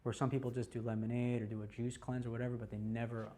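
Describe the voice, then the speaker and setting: A man in his forties teaching a class by telling his own story, animated and laughing often. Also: mid-range voice, fast talker. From United States. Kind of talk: personal storytelling talk.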